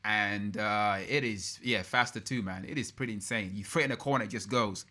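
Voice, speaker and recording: Young man, bright tone, casual slangy live-stream chat, lots of fillers. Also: lowish voice, fairly quick. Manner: slangy, loose and chatty with many fillers.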